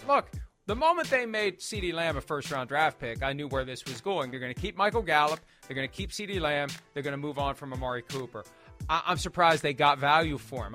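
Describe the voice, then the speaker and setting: A man's voice: on the high side, a bit bright. A man hosting a sports talk show, arguing emphatically and firing off rhetorical questions.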